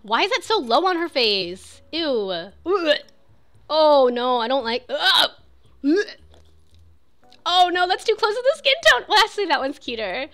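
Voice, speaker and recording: A young woman chatting excitedly while streaming a video game, full of "like" and quick reactions. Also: sits high. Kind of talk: casual game streaming chat.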